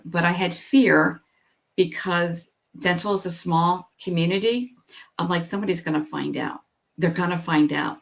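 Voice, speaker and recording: A woman's voice: lowish voice, moderate pace, creaky. A middle-aged woman telling her own story as an interview guest. She talks candidly, says "like" and "you know" often, and acts out her past thoughts.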